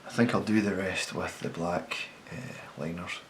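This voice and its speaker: A man talking casually as he sketches, thinking aloud, correcting himself and sometimes dropping to a quiet mutter. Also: deep voice, measured pace, heavy background noise. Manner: relaxed, thinks aloud, self-correcting, drops to mutters while working. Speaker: designer sketching on camera. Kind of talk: casual commentary while sketching.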